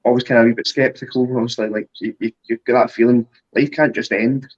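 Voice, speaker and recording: A man's voice: mid-range voice, fairly even intonation, fast, dull audio. A man, a guest, talking in a hesitant, reflective way. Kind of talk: casual chat.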